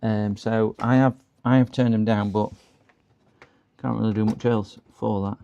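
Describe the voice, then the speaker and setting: A man's voice: on the low side, fairly even intonation, unhurried, creaky, dark tone, dull audio. A man casually talking through a computer repair on a live stream, muttering to himself and chatting with viewers. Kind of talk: casual running commentary while working.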